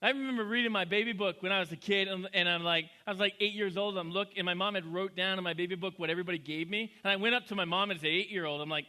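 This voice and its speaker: Bright high-voiced male pastor. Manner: conversational, humorous storytelling with quick asides. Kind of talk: sermon.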